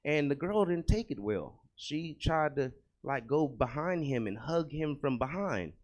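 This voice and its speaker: A male stand-up comedian working a comedy club with a crude, conversational delivery. His voice sits a little high for a man and jumps between loud punchlines and low, grumbled asides. He keeps turning to the audience with questions. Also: animated, unhurried. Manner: crude, conversational, talks to the crowd.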